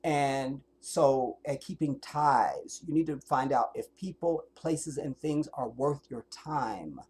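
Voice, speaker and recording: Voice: medium pitch, slow pace, a little mellow, slightly rough. A livestreamer ranting bluntly and profanely to viewers, preaching about life and relationships. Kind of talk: livestream rant.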